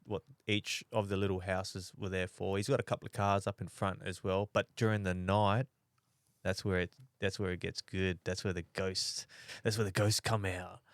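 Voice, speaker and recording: Smooth-voiced Australian man, rambling chat. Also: deep voice, dry recording, studio quality. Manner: rambling, restarts often. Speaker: podcast co-host. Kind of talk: casual chat.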